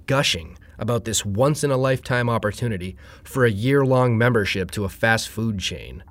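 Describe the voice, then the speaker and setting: A man reading a first-person story aloud in a wry, deadpan way. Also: medium pitch, no echo. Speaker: narrator.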